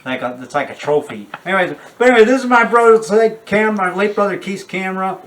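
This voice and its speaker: A man's voice: high voice, expressive, fast talker, a bit bright, far from the mic, a little hiss or hum. An older man, a horror filmmaker, talking casually in a rambling, digressive way with many restarts and asides.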